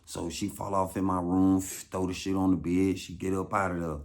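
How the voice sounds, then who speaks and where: A man's voice: sits low, flat delivery, brisk. A man with an Atlanta Southern accent telling a first-hand story in a casual, slang-heavy way, repeating words for emphasis. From Atlanta, USA.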